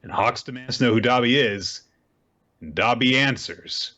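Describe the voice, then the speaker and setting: A medium-pitched man speaks at normal speed through lo-fi sound with background noise. He's co-hosting a casual podcast chat recapping manga, animatedly retelling scenes and acting out the quoted lines.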